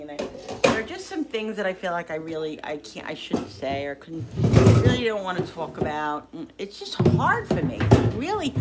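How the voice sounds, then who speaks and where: A chatty woman rambles to her viewers while she cooks, thinking out loud between tasks. Her voice sits a little low. Clear kitchen noise carries behind her. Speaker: cooking vlogger. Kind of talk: casual cooking vlog chat. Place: home kitchen.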